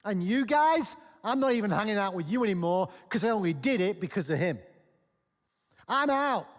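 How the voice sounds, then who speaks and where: Preacher doing a sour doubting disciple, flat and dismissive, a bit lower and softer than his own voice, echoing hall. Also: moderate pace. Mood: dejected. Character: disillusioned, sarcastic adult male disciple.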